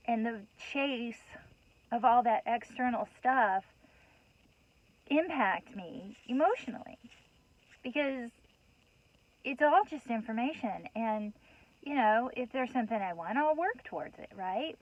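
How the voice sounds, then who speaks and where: A woman's voice: fairly high pitch, unhurried, pauses often, dull audio. A woman giving a heartfelt spiritual talk to her viewers, earnest and rambling, with many restarts and "you know"s, emotional and a bit worked up. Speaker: host.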